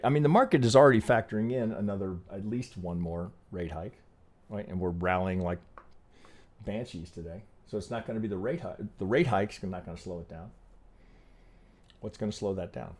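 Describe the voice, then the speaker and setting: A man's voice: mid-range voice, a little mellow. A man hosting a trading channel, walking through charts in casual, rambling talk, often asking "right?" and restarting sentences, with blunt, salty asides. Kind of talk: casual chart analysis walkthrough.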